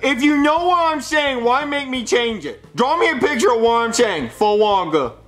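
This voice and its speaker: A man voicing a stubborn, loud young boy who yells and argues, dragging out his words. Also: extremely high pitch, animated, moderate pace. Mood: sulky.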